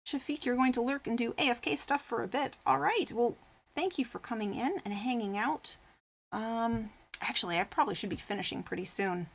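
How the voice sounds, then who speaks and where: A woman's voice: fairly high pitch, fairly quick, vocal fry. A woman streamer chatting casually with her live viewers, rambling and full of fillers, reading comments aloud and answering them. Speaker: craft streamer.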